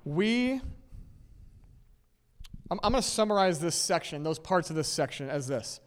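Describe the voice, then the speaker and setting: High-voiced male pastor in a reverberant hall. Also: lively intonation, a little slow, long pauses, clean tone. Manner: conversational, many "okay?" and "right?" checks; laughs lightly between points. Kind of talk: sermon. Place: church sanctuary with long reverb.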